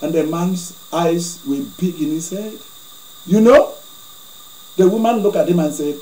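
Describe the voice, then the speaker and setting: A male preacher telling a story in a sermon, animated, with laughing asides. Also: a little high, measured pace, pauses often. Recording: echoey room.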